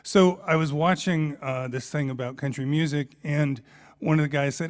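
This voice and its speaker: A man with an American accent, a singer-songwriter chatting in a relaxed, humorous way about his country song. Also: fairly high pitch, moderate pace, dry recording, clean studio sound. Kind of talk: spoken intro and country song with guitar.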